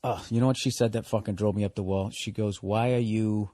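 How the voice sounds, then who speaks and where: A man's voice: fairly low pitch, steady tone, quick pace, warm tone, dry recording. A man delivering a profane comedic rant, exasperated and full of swearing and rhetorical questions.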